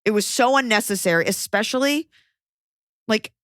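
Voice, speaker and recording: Young woman host, casual podcast chat, lively storyteller, dry close sound. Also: a little high, normal speed, dry recording. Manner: animated storytelling, acts out quoted people.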